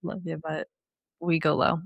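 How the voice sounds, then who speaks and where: Animated, profane woman podcast co-host. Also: sits low, normal speed, gravelly, no echo. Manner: animated, profane, laughs often, acts out quotes. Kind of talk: casual chat.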